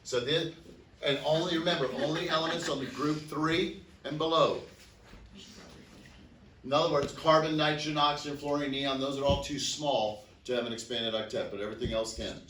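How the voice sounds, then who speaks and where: A man's voice: fairly high pitch, steady tone, normal speed, fairly bright tone, slight background noise. A male chemistry teacher giving an upbeat, joking classroom lecture, counting aloud and quizzing his students. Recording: echoey classroom, mic far off.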